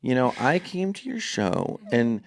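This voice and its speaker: A man's voice: mid-range voice, very animated, measured pace, creaky, a little hiss or hum. A man from Wisconsin with a Wisconsin accent, a comedian chatting loosely as a podcast guest, rambling and mocking himself. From Wisconsin, US Midwest. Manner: rambling, self-mocking, acts out voices of others. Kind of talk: casual podcast chat.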